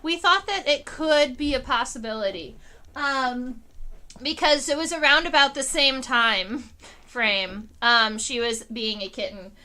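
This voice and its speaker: A high, bright young woman chats to her livestream viewers from home. She tells stories loosely, with fillers and restarts. Her pitch jumps up when the story gets exciting. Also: a little slow. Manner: animated, pitch rising on exciting parts. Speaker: entomologist streamer. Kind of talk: casual livestream chat. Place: home living room.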